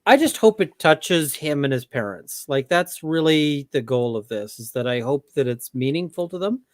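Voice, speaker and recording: A man co-hosting a livestream, speaking in a halting, soft-spoken way with many fillers. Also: on the high side, expressive, dry recording. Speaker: co-host. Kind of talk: casual livestream chat.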